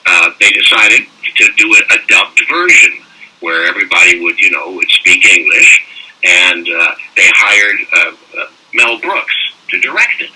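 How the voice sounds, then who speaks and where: An older man, a voice actor, telling animated anecdotes in a casual interview and slipping into mock French-accent bits. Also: sits low, measured pace, a little hiss or hum. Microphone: phone call. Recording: distant phone-call audio.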